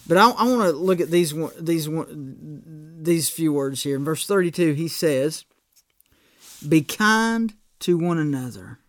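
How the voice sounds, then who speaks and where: A man with a high-pitched voice preaches a conversational sermon, checking in with the room with quick asides and restarting his phrases. The sound is dry and close, with no room echo. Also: lively intonation. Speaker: pastor.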